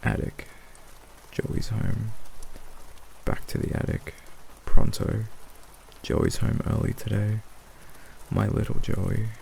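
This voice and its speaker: A man's voice: lowish voice, flat delivery, takes it slowly, gravelly, long pauses, warm tone, a little hiss or hum, heavily acted. A man voicing a chattering male pet parrot that squawks, begs and mimics phrases in a repetitive sing-song way. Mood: eerie.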